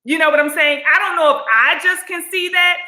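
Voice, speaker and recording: A sassy, chatty woman talks straight to camera in a high, bright voice. She keeps calling viewers honey and you guys, and her voice rings around an echoey room. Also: fairly even intonation, a little fast. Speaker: beauty and lifestyle vlogger. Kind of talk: casual chat to camera.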